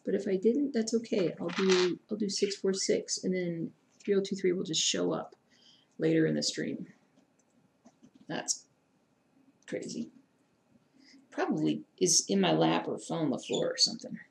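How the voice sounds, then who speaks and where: A woman's voice: on the low side, fairly even intonation, a little slow, vocal fry, pauses often, a little hiss or hum. Chatty woman stitching on a live stream. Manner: chatty, self-deprecating, talks to chat, mutters to herself. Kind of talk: casual live-stream chat while stitching.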